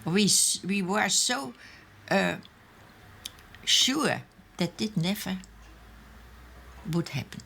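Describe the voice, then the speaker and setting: Slow, halting older woman. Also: mid-range voice, animated, gravelly, sharp tone, a little hiss or hum. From Austria. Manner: halting, searching for English words. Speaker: eyewitness interviewee. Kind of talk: documentary interview recollection.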